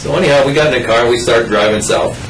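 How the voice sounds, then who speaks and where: A man's voice: mid-range voice, racing, far from the mic, slight background noise. An older man telling a rambling, folksy personal story in casual oral-history style, full of restarts and asides. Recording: roomy sound from off mic.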